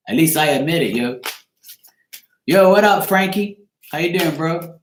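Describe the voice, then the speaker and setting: A man's voice: a little high, moderate pace, roomy sound. A man with a Bermudian accent, a tarot reader chatting casually on a live stream, greeting viewers by name and swearing freely.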